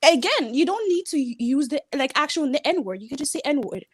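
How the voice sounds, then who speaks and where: A woman's voice: high voice, sing-song, fast talker. A woman with a French accent, a native French speaker calling in to a talk show, earnest and gracious. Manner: earnest, gracious, laughs easily. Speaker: caller. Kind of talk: call-in show commentary.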